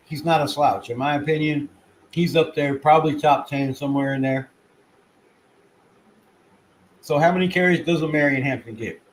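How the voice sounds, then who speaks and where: This fan-channel host rambles excitably through casual sports talk, cursing plenty and occasionally speaking with food in his mouth. His pitch leans high, and the rough recording has a bit of hiss or hum.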